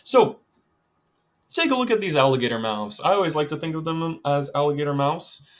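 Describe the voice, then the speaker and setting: Leading a recorded music lesson for kids, a young male teacher talks straight to his students in a chatty way, with lots of ums filling the pauses. His voice runs on the high side and is expressive.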